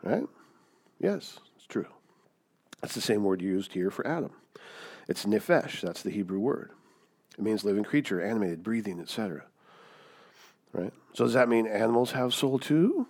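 A man preaching a Bible teaching in a conversational way, often checking in with a quick question to his listeners. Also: on the low side, expressive, creaky, darkish tone. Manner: conversational, keeps asking "right?". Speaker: pastor.

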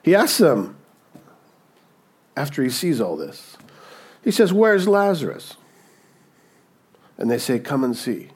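A man's voice: big pitch swings, slow pace, long pauses, breathy edge. Man preaching with emphatic swings. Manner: dynamic, swings between emphatic peaks and hushed low moments; conversational, checks in with "okay?" and "right?". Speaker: pastor. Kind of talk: sermon.

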